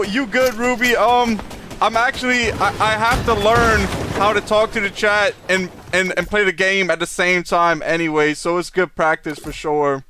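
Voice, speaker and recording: A man's voice: high-pitched, noisy background. A young man streaming a video game live, chatting casually, reading chat messages aloud and laughing often. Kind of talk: live gameplay commentary.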